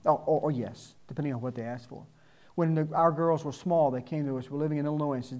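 A man's voice: a little high, fast, darkish tone, highs cut off. An older man giving a sermon, telling folksy personal stories and acting out the people he quotes. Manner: folksy storytelling, acts out quoted voices. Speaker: church speaker.

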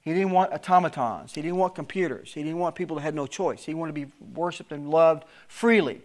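A man's voice: on the high side, a little fast, darkish tone. Man preaching a verse-by-verse Bible study. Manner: reads scripture aloud with rising emphasis, then explains in plain talk; stumbles and repeats words while explaining.

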